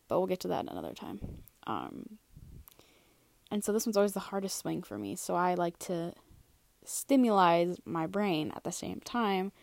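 A woman's voice: on the low side, creaky. A tired young woman hosting a casual personal podcast, chatty and rambling with lots of fillers and restarts. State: tired, yawning. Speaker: podcast host.

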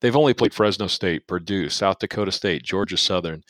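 A man's voice: low-pitched, brisk, fairly bright tone, no echo. A man co-hosting a casual sports betting podcast, joking and rambling with fillers. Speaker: podcast co-host.

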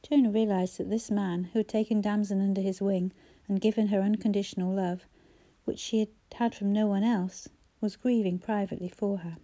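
Woman audiobook narrator, measured and even; dark, mellow timbre. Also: medium pitch. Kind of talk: scripted narration of a novel.

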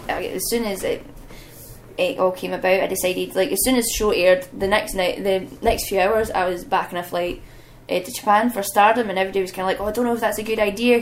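A woman's voice: medium pitch, slight background noise. A young adult woman, a professional wrestler guest on a podcast, telling stories casually and acting out what people said, often laughing. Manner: animated, acts out quotes in other voices, laughs often. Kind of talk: casual storytelling chat.

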